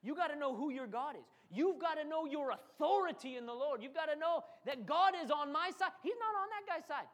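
A man with a very high voice preaches a sermon with fervor. He acts out the figures he quotes and calls on the congregation to answer back with amens. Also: animated, fairly quick, few pauses, a bit bright. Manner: preaching with dramatic acted quotes and call-and-response. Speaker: pastor.

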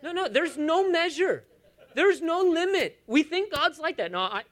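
Male pastor, 30s, high and very expressive voice, animated conversational sermon. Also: measured pace. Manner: animated, conversational preaching with asides and humor.

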